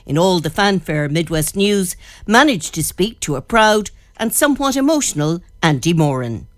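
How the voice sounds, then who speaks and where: Woman, local news reporter, mid pitch, dry studio sound, admiring questions. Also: big pitch swings, normal speed, no echo.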